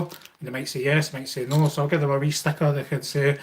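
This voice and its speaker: A man's voice: fairly high pitch, little pitch movement, fast, a little hiss or hum. A middle-aged Scottish man hosting a live Q&A stream, talking in a rambling way with many fillers and restarts as he thanks viewers. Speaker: YouTube channel host.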